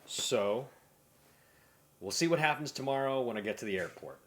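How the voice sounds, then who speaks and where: A man's voice: mid-range voice, animated, moderate pace, fairly bright tone. A man, a comedian, casually narrating his own vlog, muttering and joking at himself while he fiddles with gear in a hotel room. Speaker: comedian and vlogger.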